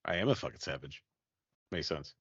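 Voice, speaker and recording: A man co-hosting a podcast in casual banter, animated and emphatic, swearing often. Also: a bass voice, brisk, slightly rough, no echo, highs cut off. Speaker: podcast co-host.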